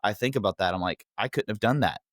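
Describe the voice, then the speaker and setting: Fast-talking man with a low voice. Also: no echo, studio quality. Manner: animated storyteller, acts out quotes, says "like" often. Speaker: youth pastor and fitness coach, podcast guest. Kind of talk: casual podcast conversation.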